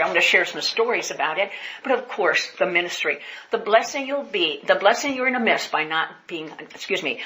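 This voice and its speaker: A woman's voice: lowish voice, pushed and bright. An older woman telling funny church stories at a women's conference, laughing often and acting out the voices of people she quotes. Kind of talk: storytelling talk with humor. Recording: echoey hall, faint noise.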